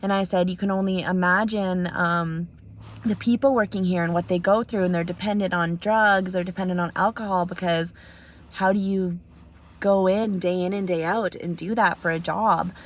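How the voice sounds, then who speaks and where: Young Canadian woman, slightly low voice, earnest casual vlogger retelling a chat with plenty of ums. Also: fairly even intonation, moderate pace. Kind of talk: casual vlog storytelling. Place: outdoors in snow.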